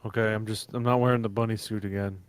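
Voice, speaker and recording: A man's voice: lowish voice, little pitch movement, quick pace, clean tone, no room sound. Wry man playing a tabletop game. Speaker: player. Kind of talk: casual tabletop game play.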